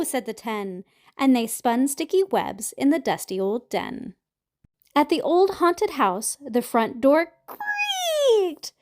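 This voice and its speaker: Lady reading a kids' rhyming book, high voice, slow and bouncy. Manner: sing-song rhyming delivery with jumps into high squeaky creature calls. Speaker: storybook reader. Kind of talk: children's picture book read-aloud.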